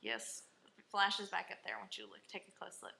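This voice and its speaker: A woman's voice: mid-range voice, very animated, fast, gravelly, sharp tone. A woman in her late twenties, a co-host who teaches first grade, chatting playfully and confidently in a casual TV commentary. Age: late 20s.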